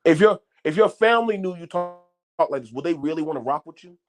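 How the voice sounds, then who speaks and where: A man's voice: on the high side, expressive, quick pace, soft background music. A middle-aged man hosting his own channel, talking straight to viewers in a blunt, swearing way, repeating words and restarting his lines. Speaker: channel host. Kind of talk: unscripted commentary to viewers.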